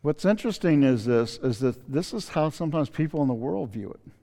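A man preaching a sermon in an earnest, pleading way, slowing down to stress scripture. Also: on the high side, expressive, mellow. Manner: earnest, pleading, reads scripture aloud with slow emphasis. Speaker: pastor. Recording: long reverb of a hall.

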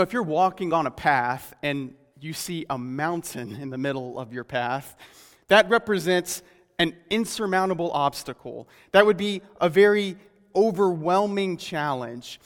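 Earnest male preacher, slightly high voice, slows for emphasis; sermon taped in a reverberant hall. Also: animated.

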